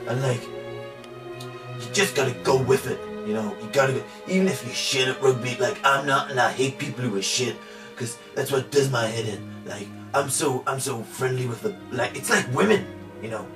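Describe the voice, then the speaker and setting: A man's voice: mid-range voice, normal speed, close to an everyday voice. A man playing a blustering macho rugby player. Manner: rambling, boastful, packed with "like" and "you know". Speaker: comic character in an amateur trailer. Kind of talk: improvised comedy monologue. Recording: roomy amateur video from far off with music.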